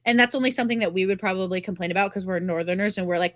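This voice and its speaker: A young woman, co-hosting a podcast and telling stories in casual chat, swearing freely and animated. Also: medium pitch, quick pace, slight background noise. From New England. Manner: animated, swearing storyteller with many fillers. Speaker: podcast co-host.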